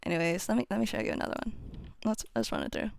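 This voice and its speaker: A woman casually teaching how to pronounce Japanese syllables, chatting informally and then singing the syllables out in a steady tone. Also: mid-range voice, racing, gravelly, no room sound. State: voice getting strained. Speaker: UTAU voicebank tutor.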